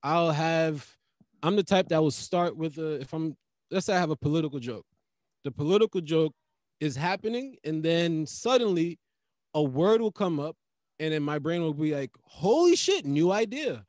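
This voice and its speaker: A man's voice: on the high side, moderate pace, no room sound, clean studio sound. A male stand-up comedian talking casually on a podcast, loose and profane, acting out bits as he tells stories. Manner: loose, profane, animated storytelling.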